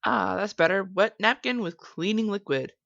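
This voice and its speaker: A woman's voice: mid-range voice, moderate pace, gravelly, a bit bright, highs cut off, slight background noise. Chatty self-mocking woman gaming. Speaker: gameplay commentator. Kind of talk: casual game commentary.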